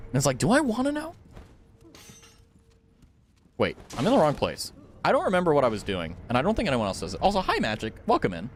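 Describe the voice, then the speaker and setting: A man live-streaming a video game, chatting with viewers in a rambling, excitable way, laughing often and swearing casually. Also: medium pitch, racing, a little hiss or hum. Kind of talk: casual live gameplay chat.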